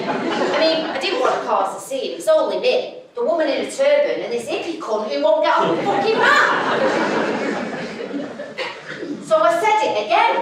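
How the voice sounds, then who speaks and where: A woman's voice: high-pitched, very animated, moderate pace, background noise. A young woman with a Mancunian accent tells a comic stage story, blunt, sweary and self-mocking. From Manchester, England. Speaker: stand-up storyteller. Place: theatre stage. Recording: echoey theatre from a distance.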